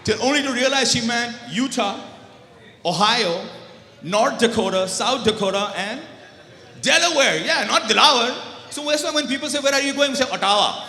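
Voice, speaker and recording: A high, bright-voiced man from Pakistan doing an animated stand-up set, teasing the audience and mixing in Urdu. His voice carries the long echo of a big banquet hall. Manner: animated, banters with the crowd, switches between English and Urdu. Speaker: stand-up comedian. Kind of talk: stand-up comedy.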